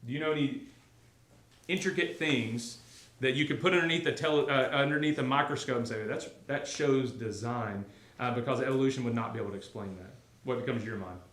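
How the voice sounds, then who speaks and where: A man teaches a class in a casual, talkative way, asking his listeners questions as he goes. His voice sits at a middle pitch. The room is echoey. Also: brisk, fairly bright tone. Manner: conversational, asks the class questions, many fillers. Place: classroom or church hall.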